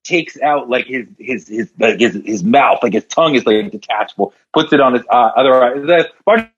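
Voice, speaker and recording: A husky-voiced man spins long story jokes in a relaxed podcast chat, his pitch swinging widely as he plays every character. The audio sounds a little dull and lo-fi. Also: a little fast. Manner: animated joke-telling, acting out characters with jumps in pitch. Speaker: podcast guest, writer.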